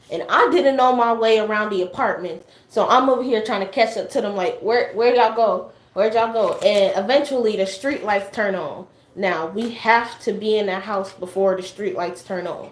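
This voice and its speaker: A young adult woman telling a personal story in casual chat. She rambles with many fillers and acts out what her family said. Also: medium pitch. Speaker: guest sharing a personal story. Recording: echoey room.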